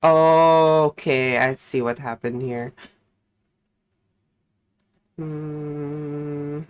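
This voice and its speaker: A young woman talks casually on a live gaming stream. Her voice sits low and she takes her time. She rambles, swears now and then, and quickly says sorry. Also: fairly even intonation, a little mellow, clear, resonant tone. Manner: chatty, rambling, swears and apologizes in a rush.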